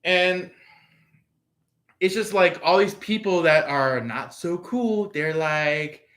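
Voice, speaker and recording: A man giving a casual live tarot reading, filling his talk with pauses and acting out the people he quotes. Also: on the high side, sharp tone. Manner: acts out quoted voices, laughs, filler-heavy. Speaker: tarot reader.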